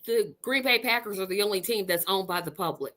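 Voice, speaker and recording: Woman in her fifties from Indiana, podcast host; bright, lively, emphatic chat that loops back on itself. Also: medium pitch, a little fast. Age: 50s. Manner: animated, emphatic, repeats words for effect. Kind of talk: casual chat.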